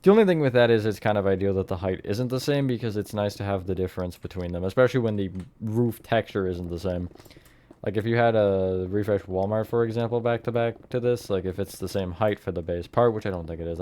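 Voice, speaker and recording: A man's voice: fairly low pitch, fast, dark tone, slight background noise. A young man narrating a casual building tutorial, rambling and hedging, often correcting himself. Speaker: Minecraft tutorial host.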